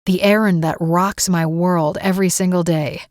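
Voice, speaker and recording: A man's voice: high voice, fairly even intonation, moderate pace, no room sound, clean studio sound, close to an everyday voice. A woman voicing a young man, an affectionate groom, in a romance audiobook. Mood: tender. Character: loving, eager young groom.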